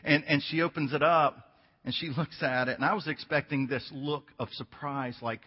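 Guest preacher, man, slightly high and husky, animated storyteller, church hall recording with reverb. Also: normal speed, muffled recording. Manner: animated storytelling, jokes with the congregation. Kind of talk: sermon with humorous story. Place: church sanctuary.

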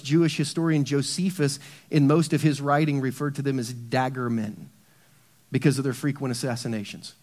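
A middle-aged man preaching a sermon in a church, swinging between hushed low emphasis and loud bursts. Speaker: pastor.

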